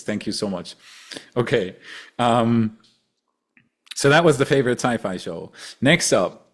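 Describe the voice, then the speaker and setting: Brief: male livestream host, German accent, mid-pitched voice, upbeat, speed-talks through thanks and repeats himself. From Germany, Rhineland. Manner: excited, talks fast with frequent repeated words. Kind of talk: casual livestream chat.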